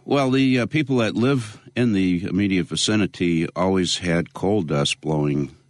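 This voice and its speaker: A man being interviewed, speaking in a measured way with many pauses and fillers. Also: deep voice, dry recording, clean studio sound. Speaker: interview guest, local activist. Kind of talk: conversational interview.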